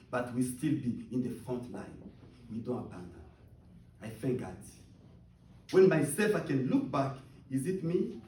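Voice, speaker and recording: A man preaching a sermon, emphatic and repetitive, swinging between loud outbursts and hushed near-whispers. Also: medium pitch, roomy sound, far from the mic, low-quality recording. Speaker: pastor.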